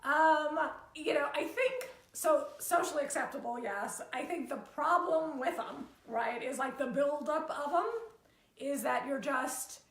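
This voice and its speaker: A woman's voice: high voice, a little slow, a bit bright. A woman co-hosting a live talk, candid and laughing easily as she explains her view. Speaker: co-host, coach. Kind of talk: live-streamed casual talk. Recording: echoey room.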